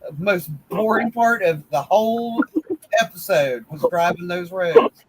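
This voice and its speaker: A man's voice: high voice, lively intonation, measured pace, breathy edge, rough recording. A man telling rambling, teasing stories in a casual group chat. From West Virginia. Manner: rambling storyteller, folksy, teasing. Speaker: crochet group admin.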